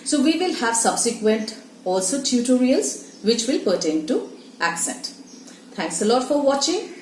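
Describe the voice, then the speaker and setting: A woman tutoring English pronunciation, her pitch rising and falling energetically as she spells out words and explains them step by step. The room around her has a noticeable echo, with a faint hum of ambience underneath. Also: sing-song, a little slow, a little mellow. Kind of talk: teaching pronunciation to camera.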